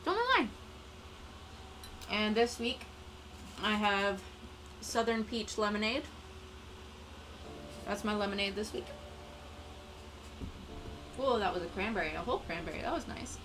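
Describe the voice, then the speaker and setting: A woman's voice: mid-range voice, measured pace, pauses often, fairly bright tone, slight background noise, poor audio. Chatty self-deprecating woman streamer. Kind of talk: casual live-stream chat.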